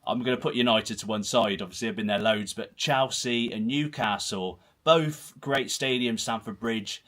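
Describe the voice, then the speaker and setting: A man's voice: mid-range voice, moderate pace, fairly bright tone. A man in his thirties with a Herefordshire and Gloucestershire accent, hosting a casual football livestream from a small home room, rambling and self-deprecating as he reads comments. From Herefordshire, England. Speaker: host of a football channel livestream. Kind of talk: casual solo livestream chat, reading comments.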